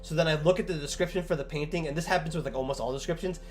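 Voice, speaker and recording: A man's voice: on the high side, very fast, soft background music. Rambling, swearing young man telling a story. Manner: rambling, swears a lot, acts out quotes. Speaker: streamer. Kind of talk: casual storytelling.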